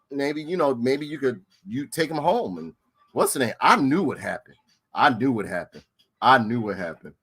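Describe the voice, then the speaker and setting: Man, middle-aged, casual storyteller, lively swooping voice, fairly high, profane, repeats himself. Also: brisk, husky.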